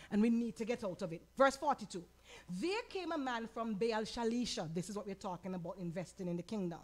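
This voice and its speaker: A woman pastor with a Caribbean accent teaching a Bible lesson, animated, asking the audience questions and acting out quoted lines. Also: mid-range voice. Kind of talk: sermon-style Bible teaching.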